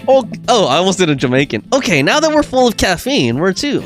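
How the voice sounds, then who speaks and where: Lively young man streaming a game. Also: sits high, fairly quick, few pauses, soft background music. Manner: animated, laughs often, reads game text and chat aloud. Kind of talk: casual live-stream commentary.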